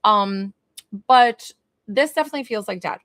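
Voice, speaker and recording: A woman's voice: mid-range voice, normal speed, fairly bright tone, no echo, studio quality. A young adult woman working as a psychic medium in a live-streamed reading, talking in a chatty, hesitant way with many fillers and questions.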